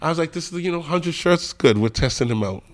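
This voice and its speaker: A man from Canada, a podcast guest, telling a story in a casual, animated way and acting out the dialogue. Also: fairly high pitch, fast. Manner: animated, acts out dialogue in voices.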